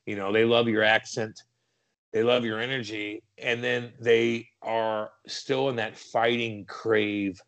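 A man from the American Midwest, a former hockey player telling stories as a guest in a casual interview, swearing freely and acting out his own past shouts. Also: lowish voice, flat delivery, slow, muffled recording.

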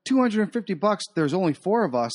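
A man's voice: high-pitched, sing-song, fairly quick. A man co-hosting a casual podcast, rambling and correcting himself as he talks, with laughs at his own slips. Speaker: podcast co-host. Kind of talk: casual profane banter.

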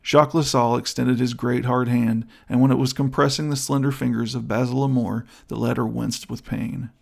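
A man with a gravelly voice narrating a story in a steady, even reading style. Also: medium pitch, fairly quick. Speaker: audiobook narrator. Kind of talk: scripted narration.

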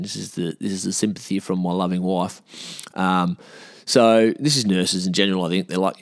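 A man's voice: moderate pace, dry recording, clean studio sound. A young man casually telling a story, swearing freely and acting out the people he quotes. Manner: animated, swears, acts out quoted voices higher.

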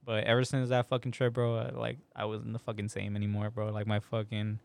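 A man's voice: lowish voice, monotone, fairly quick, gravelly, slight background noise. A young man in casual podcast chat, telling a story with lots of slang and swearing and acting out what people said.

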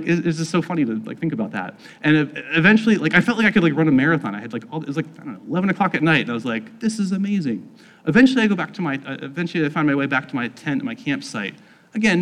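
A man recounting a personal experience in a casual, conversational way, filling his speech with "like" and acting out what people said. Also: a little high. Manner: casual, heavy use of "like", acts out quoted voices. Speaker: storyteller. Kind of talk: personal testimony.

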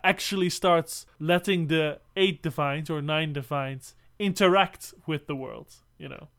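Slightly high-voiced man explaining lore. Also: a little slow, fairly bright tone. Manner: explanatory, reads passages aloud, laughs often. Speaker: podcast co-host. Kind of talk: casual lore discussion.

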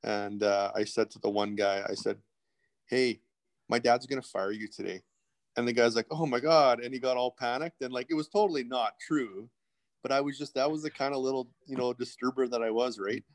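A man's voice: medium pitch, steady tone, a little fast. A middle-aged man, a guest telling candid stories in a rambling way, full of restarts and asides. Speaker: podcast guest. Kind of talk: casual interview storytelling.

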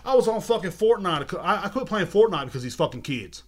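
A young podcast host rants heatedly in a high, sing-song voice at a quick pace, repeating himself and swearing constantly. It's a profane rant captured on a video podcast mic.

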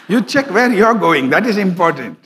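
A man's voice: high-pitched, sing-song, normal speed, a bit bright, slight background noise. A middle-aged man, a pastor preaching conversationally and telling a story, chuckling often. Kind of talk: sermon with storytelling.

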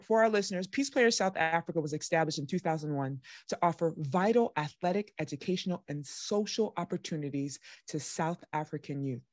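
A woman's voice: deep voice, darkish tone, no echo, studio quality. A woman hosting a podcast interview, affirming her guest often and asking questions playfully. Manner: affirming, with frequent "right" and playful laughs. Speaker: podcast host.

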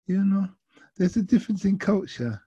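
Man putting on a young French woman, tipsy and lovesick, high slow pleading voice with a dark tone. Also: lively intonation, husky, dry recording, lo-fi sound. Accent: attempted French.

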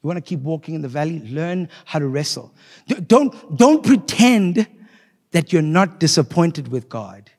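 A man's voice: fairly quick, gravelly, few pauses. Impassioned male preacher in a reverberant hall. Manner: swings from loud impassioned rises to quiet, low reflective delivery. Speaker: pastor. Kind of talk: sermon.

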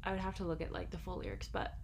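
A young woman with a lowish voice talks loosely as a podcast co-host. She trails off, hedges and restarts, filling gaps with "like". Her speech is casual and conversational. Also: sing-song, very fast, creaky, a little hiss or hum. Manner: chatty, hedging with frequent "like" and "I don't know". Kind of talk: casual chat.

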